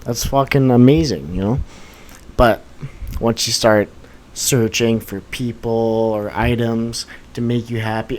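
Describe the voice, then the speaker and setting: A young man in casual chat, agreeing warmly and swearing casually, calling people bro and dude. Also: mid-range voice, fairly even intonation, measured pace, rough recording. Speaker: podcast co-host.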